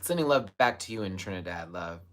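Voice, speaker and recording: A young man hosting a live stream, reading viewer comments and chatting casually, with sudden high exclamations and bursts of laughter. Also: animated, a little fast.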